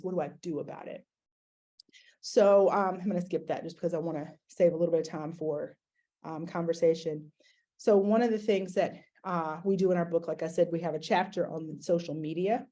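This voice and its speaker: A middle-aged woman presents to an audience as an educator, talking in a loose, conversational way. Her voice is warm and mellow and sits slightly low. She often pauses on fillers and restarts her sentences. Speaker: educator giving a talk. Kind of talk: conference talk presentation.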